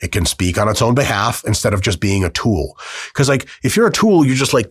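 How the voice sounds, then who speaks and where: Male podcast host, solo monologue, husky and lively, dry close sound. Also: medium pitch, no echo. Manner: animated, profane, acts out quick voices in his story.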